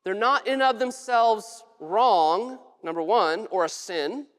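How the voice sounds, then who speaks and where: A relaxed pastor gives a conversational sermon in a church sanctuary, chatting with the congregation in a mid-range, unhurried voice. He stays casual and humorous, slipping in light jokes and often restarting phrases, while his words ring out with the long echo of a big church.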